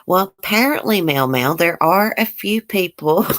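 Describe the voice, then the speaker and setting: A woman's voice: lowish voice, expressive, normal speed, a bit bright. A woman with a Southern US country accent hosting a casual livestream, answering viewer comments in a blunt, outspoken way and swearing freely. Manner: folksy country speech with drawled phrases. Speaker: YouTube livestream host. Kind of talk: casual live chat reading viewer comments.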